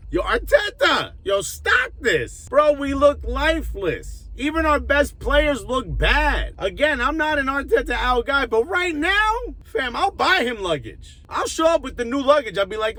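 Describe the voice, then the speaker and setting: A man's voice: extremely high pitch, slow, no echo. A man joking and ranting about his football club while driving through city traffic, filming on his phone. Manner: animated, joking, profane, slangy. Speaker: football fan vlogger. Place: inside a car in city traffic. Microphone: phone camera in a moving car. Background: car sounds.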